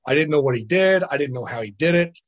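Podcast guest, man, somewhat high voice, animated and chatty storyteller. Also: quick pace, dull audio. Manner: animated storyteller, repeats words and asks "right?". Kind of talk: casual storytelling.

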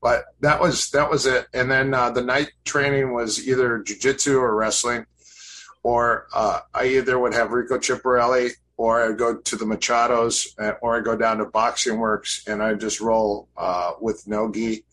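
A man's voice: medium pitch, flat delivery, normal speed, fairly bright tone, a little hiss or hum, low-quality recording. Man in his fifties reminiscing, faint ambience. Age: 50s. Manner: rambling, reminiscent, with many fillers and restarts. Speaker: podcast guest, grappling coach. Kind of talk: casual interview storytelling.

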